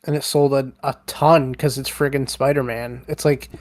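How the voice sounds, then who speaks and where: A man's voice: mid-range voice, level tone, normal speed, a little mellow. A man co-hosting a casual podcast, running through news in an easygoing, informal way. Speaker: podcast co-host.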